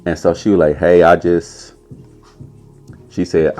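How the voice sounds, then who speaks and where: A young man telling a casual, animated story as a podcast host, putting on a high voice for quotes. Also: takes it slowly, long pauses, soft background music.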